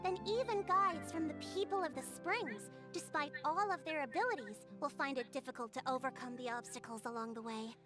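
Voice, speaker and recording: An actress voicing an earnest young woman guide in a video game, explaining local legends in a gentle storytelling manner. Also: sits high, a little fast, few pauses, lightly acted. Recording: game audio with music underneath.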